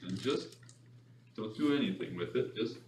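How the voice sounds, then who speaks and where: Low-voiced guy teaching meditation, chill and chatty, sounds far off in an echoey room. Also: moderate pace. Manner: relaxed and chatty, with easy laughs. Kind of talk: informal class instruction. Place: library meeting room. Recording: echoey room, distant mic, background noise.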